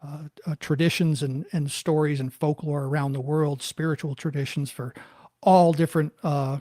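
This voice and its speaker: A man hosting an interview, talking haltingly and searching for words, with many restarts. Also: on the high side, steady tone, warm tone, dry recording, clean studio sound. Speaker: podcast host. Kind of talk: casual interview talk.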